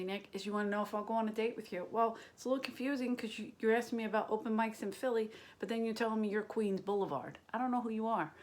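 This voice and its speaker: Woman stand-up comic, casual question-and-answer chat, rambling, bawdy, lots of ums, drops into whispered asides, home kitchen. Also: medium pitch. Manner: rambling and crude, with many fillers and whispered asides. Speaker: stand-up comedian.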